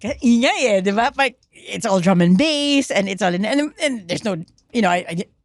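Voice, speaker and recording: Middle-aged woman, Filipino accent, podcast guest, animated and code-switching, dry close mic. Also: medium pitch, a little fast, dry recording. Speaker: podcast guest, trauma researcher. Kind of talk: casual podcast chat.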